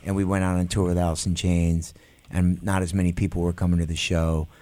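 A man's voice: low-pitched, a little fast, no echo. A middle-aged man, a musician guest, telling stories in a casual interview and acting out quotes with laughs. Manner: animated, acts out quotes with laughs.

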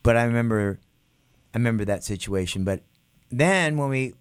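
Animated middle-aged male storyteller. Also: medium pitch, normal speed, clear, resonant tone, no echo. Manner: animated, acts out quotes with laughs. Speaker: musician guest. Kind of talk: casual interview storytelling.

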